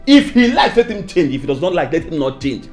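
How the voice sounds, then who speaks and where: A man with a Nigerian accent playing an excitable, preachy friend in a Nollywood film, loud and emotional, repeating words when worked up. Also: on the high side, brisk, faint music behind.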